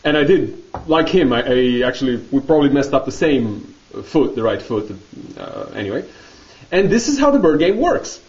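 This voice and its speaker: A man vlogging, telling a story in a casual, animated monologue and laughing often. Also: fairly high pitch, normal speed, distant mic, muffled recording.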